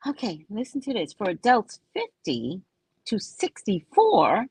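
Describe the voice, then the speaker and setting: A woman's voice: medium pitch, measured pace, husky. An older woman hosting a show, telling a story in a casual monologue and acting out the voices of the people in it, swearing freely. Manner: animated, acts out voices in quotes, swears. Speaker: host.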